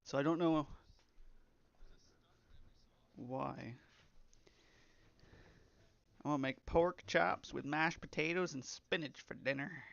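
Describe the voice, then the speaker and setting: A man's voice: a little high, takes it slowly, gravelly, long pauses, fairly bright tone, no echo. A young man who develops games, chatting casually on a live stream, rambling and reading chat aloud. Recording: slightly dull, lo-fi stream audio.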